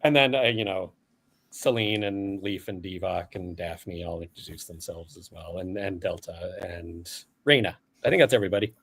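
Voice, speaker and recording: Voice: low voice, moderate pace, husky. A game master narrating a live-play tabletop game casually, with fillers and frequent laughs.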